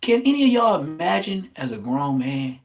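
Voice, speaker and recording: A man hosting a livestream, giving blunt, profane, trash-talking commentary in an excitable way. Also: on the high side, normal speed, vocal fry. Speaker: livestream host.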